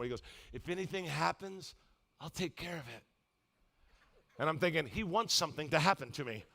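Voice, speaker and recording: A man's voice: high voice, gravelly, sharp tone. A middle-aged male pastor preaching a sermon, telling a comic story with quoted voices.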